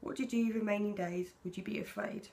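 Reading questions aloud for a casual tag video, a young woman from Britain answers personal queries candidly. She talks fast in a creaky, mid-range voice with fairly even intonation, chatty but gentle and soft when emotion surfaces.

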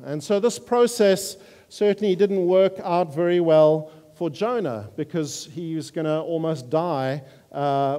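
Male preacher, earnest and halting, mellow tone, long reverb of a church hall. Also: a little high. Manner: earnest, halting, with frequent fillers. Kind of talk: sermon.

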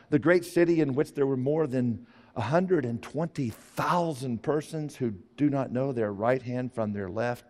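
A man preaching a sermon, animated, sometimes putting on high whiny voices for characters. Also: unhurried, in a large hall. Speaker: pastor.

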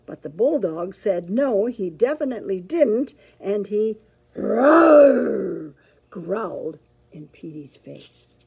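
A woman librarian reading a picture book aloud to children, with expressive, animated storytelling. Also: medium pitch, unhurried, slightly rough.

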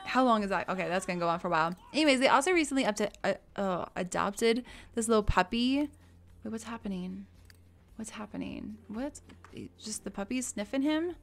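A woman's voice: mid-range voice, expressive, brisk. A woman streamer chatting casually over her game, giggling often and greeting viewers by name. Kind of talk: live game stream chat.

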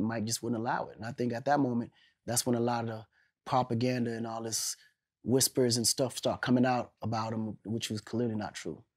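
Guy in his 40s, interview guest, tells stories all excited, laughs a lot, swears casually. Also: mid-range voice.

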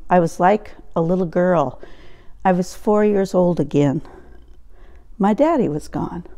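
A woman's voice: fairly low pitch, warm tone. A woman pastor in her sixties, sharing an earnest personal reflection as a sermon. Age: 60s. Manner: slow, earnest storytelling.

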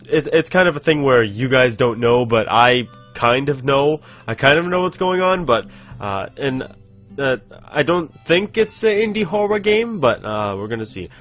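A young man giving casual let's-play commentary in an average-pitched voice, rambling, giggling often and reading game text aloud. Faint game music plays beneath him. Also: a bit bright. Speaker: gaming channel host.

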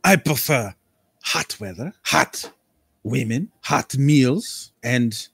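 A man's voice: medium pitch, animated, vocal fry, husky, no room sound, clean studio sound, exaggerated voice. A man doing a flamboyant, eccentric spin master. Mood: grandiose. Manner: theatrical, soft-spoken, drawn-out pauses, lofty.

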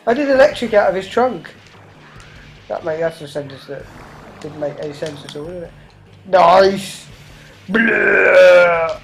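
A woman talks over a co-op game, her voice swinging widely in pitch as she yelps and laughs. She swears mildly and chatters nonstop, with faint game music underneath. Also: animated, moderate pace, long pauses, low-quality recording. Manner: exclaiming, laughing, mild cursing. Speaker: let's play host. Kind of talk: casual co-op gameplay chat.

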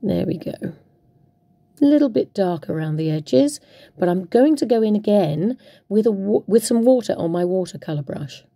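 A woman's voice: mid-range voice, lively intonation, moderate pace, creaky, dark tone, no room sound. A woman hosting a craft tutorial, chatting playfully and talking to herself as she works. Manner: chatty, playful, talks to herself while working. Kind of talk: casual crafting demonstration.

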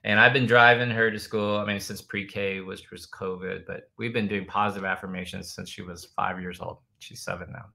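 Gravelly, bright-voiced man chatting casually. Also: deep voice, level tone, normal speed, few pauses, poor audio. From United States. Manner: loose and rambling, reads comments aloud; bursts into loud chanting when demonstrating. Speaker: host answering viewer comments. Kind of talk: casual livestream chat.

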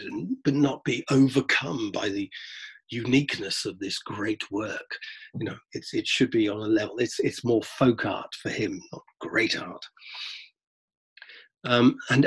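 Male drama teacher with a London accent, low husky voice, discursive lecturing, repeats himself as he thinks. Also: fairly bright tone, poor audio. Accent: London English. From England. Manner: discursive, repeats words while thinking, acts out theatregoers in mock voices. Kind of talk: explanatory lecture.

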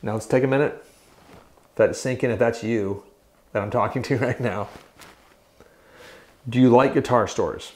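A man chatting casually as co-host in a guitar shop, with an ordinary middle pitch. He talks in a jokey, rambling way and keeps slipping into sung bits and mock accents. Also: moderate pace, pauses often. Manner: playful, jokey, breaks into sung bits and silly voices. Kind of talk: casual chat. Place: guitar shop in an old bowling alley.

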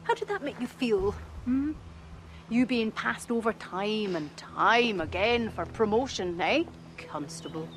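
An actress playing a sharp-tongued female amateur detective with a taunting, probing, theatrical manner. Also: mid-range voice, animated, measured pace, slight background noise, lightly acted.

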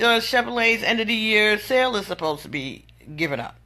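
A woman's voice: medium pitch, expressive, fairly quick, pushed and bright. A woman venting in an exasperated, incredulous storytelling monologue. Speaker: vlogger.

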